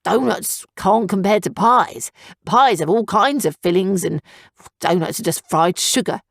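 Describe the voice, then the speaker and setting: A woman's voice: mid-range voice, expressive, unhurried, gravelly, dry recording, clean studio sound. Woman doing a brash young griffin. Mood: grumbling. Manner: whiny and blustering.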